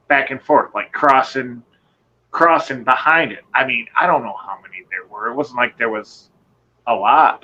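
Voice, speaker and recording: A man telling a personal encounter story in casual conversation, rambling and animated, swearing and acting out what people said. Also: mid-range voice, poor audio. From Michigan. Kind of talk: casual storytelling on a live show.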